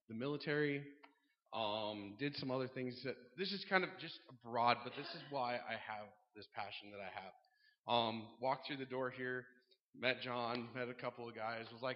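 A man talking casually to a congregation, candid and joking, with lots of "um"s and acted-out dialogue. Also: mid-range voice. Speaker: church member announcing a men's group. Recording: dull sound, long reverb in a large room.

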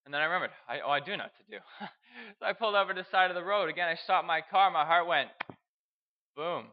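A young man from Canada, telling a personal story in a halting way, repeating words and chuckling. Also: high-pitched, highs cut off. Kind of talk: storytelling speech.

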